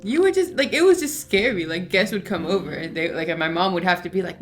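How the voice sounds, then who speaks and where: A woman's voice: on the low side, lively intonation, quick pace, faint music behind. A woman hosting a podcast with her younger sister, chatting in a playful, teasing way on a close mic. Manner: playful and teasing, laughs often. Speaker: podcast host, older sister. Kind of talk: casual chat. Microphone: close studio mic.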